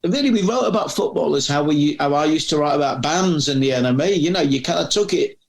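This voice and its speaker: A middle-aged man with a gravelly, slightly raised voice spins long anecdotes in casual conversation. He restarts sentences and doubles back as he goes. His stories ramble at an easy chat pace. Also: a little high, lively intonation, quick pace. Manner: rambling storyteller with frequent restarts. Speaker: podcast guest, former magazine editor.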